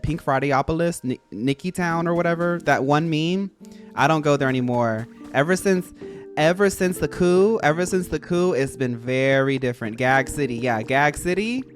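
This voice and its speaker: A streamer chatting casually while playing a game, rambling and full of filler words. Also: medium pitch. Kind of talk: casual gameplay chat.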